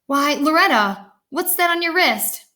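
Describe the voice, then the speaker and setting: A fussing, fretful mother from a picture book, her worries tumbling out in exclamations, as a woman reading aloud puts her on. The tone is bright and sharp. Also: high voice, lively intonation, a little slow, pitched above the performer's own voice, exaggerated voice. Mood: curious.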